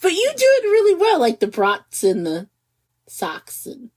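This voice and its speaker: A middle-aged woman co-hosting a podcast in casual chat, animated and giggly, stretching words for emphasis. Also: high-pitched, measured pace. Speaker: podcast co-host.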